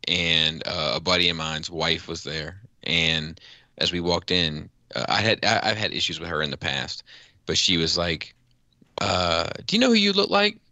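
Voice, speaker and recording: A man's voice: sits low, steady tone, a little slow, bright, forceful tone, no room sound. A man in his thirties chatting on a podcast, telling rambling stories and swearing freely. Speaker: podcast co-host. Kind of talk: casual podcast banter.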